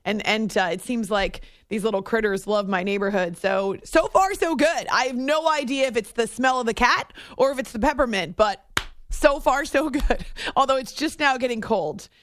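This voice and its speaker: A woman's voice: fairly high pitch, moderate pace, a bit bright, no room sound. A woman from the Southern US hosting a talk radio show, chatting and laughing as she reads listener messages. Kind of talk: casual sports talk radio chat. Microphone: studio microphone.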